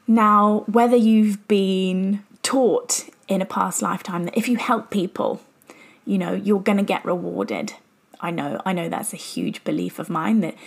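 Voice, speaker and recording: A woman's voice: mid-range voice, vocal fry, husky. A woman who works as a business mentor gives an earnest, reflective motivational talk and repeats phrases for emphasis. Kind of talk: motivational self-help talk.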